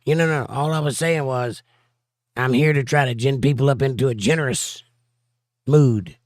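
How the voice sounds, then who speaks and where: A hoarse man hosting a casual livestream, reading chat comments aloud and joking around. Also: mid-range voice, moderate pace, no echo, studio quality. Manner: joking, playful banter.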